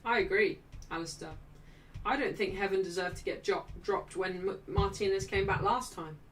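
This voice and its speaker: A young woman hosting a live football watchalong, excitably reacting to play and reading out viewers' chat messages. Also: mid-range voice, normal speed, far from the mic, a little hiss or hum.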